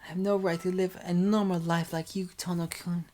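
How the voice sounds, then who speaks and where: A woman voicing an anguished, guilt-ridden young woman in a hushed, breathy whispered role-play. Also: fairly low pitch, level tone, brisk, soft background music, voice pushed up, lightly acted. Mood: resigned.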